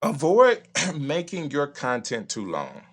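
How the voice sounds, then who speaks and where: A middle-aged man with a Southern US accent, hosting a live stream from his studio and giving emphatic, animated advice. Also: takes it slowly. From Southern United States. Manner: animated, emphatic, varying pitch and pace. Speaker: live streaming show host. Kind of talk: casual advice talk to a live audience.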